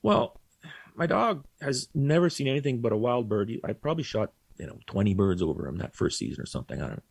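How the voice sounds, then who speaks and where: Gravelly, husky man telling stories. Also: medium pitch, fast, dry recording. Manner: animated, acts out quoted voices. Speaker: podcast guest. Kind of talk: casual storytelling.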